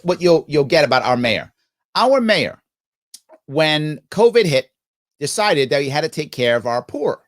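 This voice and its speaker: A man hosting a live stream, chatting casually and answering viewer comments. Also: a little high. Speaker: host.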